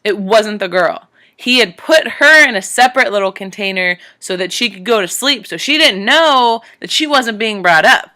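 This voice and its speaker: Brief: woman, rambling and animated, lots of "like" and "um", bright, forward voice, casual vlog movie recap. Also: normal speed, hardly any pauses. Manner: rambling, animated, many fillers, voice jumps high when emotional. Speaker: vlogger retelling a movie.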